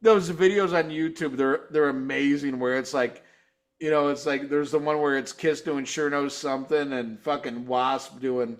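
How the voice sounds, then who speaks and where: A man's voice: mid-range voice, fairly even intonation, moderate pace. A man hosting a live show, ranting and swearing constantly as he reviews a concert, exasperated and mocking. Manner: mimics singers and guitars in loud mocking voices. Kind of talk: profane ranting commentary.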